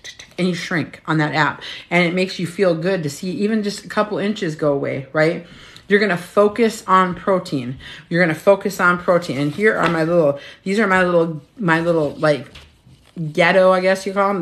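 A woman's voice: fairly low pitch, a bit bright. A middle-aged woman coaching live on a stream, emphatic and chatty, repeating her points and swearing freely. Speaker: health and weight-loss coach. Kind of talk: motivational live stream talk.

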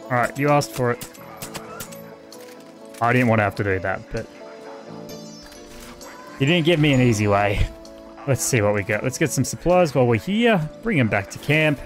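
Australian man, gaming host, loose let's-play commentary, cheerfully profane, mid-pitched voice, game music faint underneath. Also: lively intonation, normal speed, pauses often. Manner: casual, swears freely, chats to the game characters.

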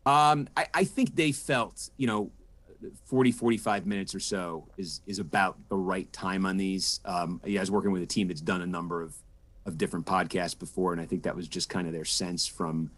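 Low-voiced man, thoughtful interview answers. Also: moderate pace, fairly bright tone. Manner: thoughtful, with many restarts and fillers. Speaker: political correspondent and podcast host, guest.

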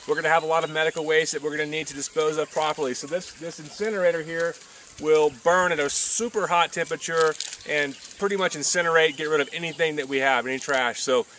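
A man's voice: on the high side, bright, forceful tone, slight background noise. A man explaining things plainly as he leads a walking tour of an outdoor rural site. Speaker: mission worker giving a site tour.

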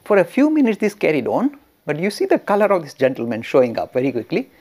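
A man teaching religious history by storytelling, animated and laughing, often restarting his sentences. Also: fairly high pitch, fast. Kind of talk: storytelling lecture.

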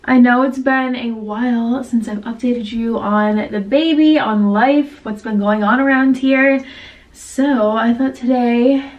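A woman's voice: on the high side, fairly even intonation, slow pace, distant mic, dull audio. A heavily pregnant young woman chatting casually to her viewers, out of breath, with lots of "like" and small laughs. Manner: chatty, filler-heavy, laughs often. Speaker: vlogger. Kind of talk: casual vlog chat.

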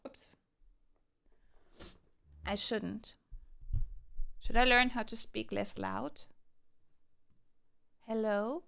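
A young woman streaming a game, chatting casually with her viewers and breaking into excited shouts. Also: fairly high pitch, very slow, creaky, long pauses. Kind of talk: casual live-stream chat.

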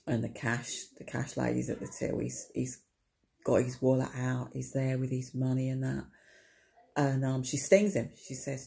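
A woman's voice: rumbling low, vocal fry, dark tone. A woman tells a rambling comic story to camera, chatty and wry, swearing casually and peppering it with tag questions. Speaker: vlogger.

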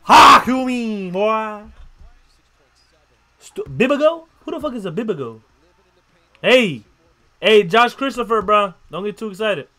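A young man hosting a casual basketball reaction video, excitable and slangy, swearing and breaking into loud outbursts. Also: high-pitched, a little slow, long pauses. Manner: slangy, repeats catchphrases. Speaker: YouTube reaction host.

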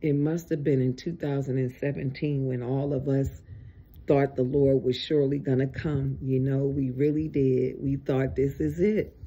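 An online preacher giving an informal video sermon, tired and exasperated, with drawn-out, emphatic exhortations. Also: medium pitch, mellow, breathy edge, lo-fi sound.

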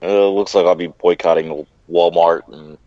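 A man co-hosting a casual chat, speaking in a relaxed, offhand and profane way. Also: low voice, normal speed. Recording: dull, dry sound.

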